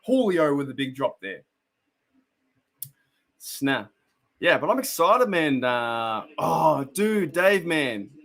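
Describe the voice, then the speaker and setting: Speaking slowly with long pauses and big pitch swings, this young Australian man has a voice on the high side with a bit of brightness. He hosts a casual fan live stream where he rambles and chats with viewers about a game, laughs often, and greets viewers by name.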